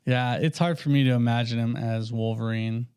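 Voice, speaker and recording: A man co-hosting a podcast, chiming in with quick interjections during casual chat. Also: mid-range voice, fairly even intonation, darkish tone, smooth.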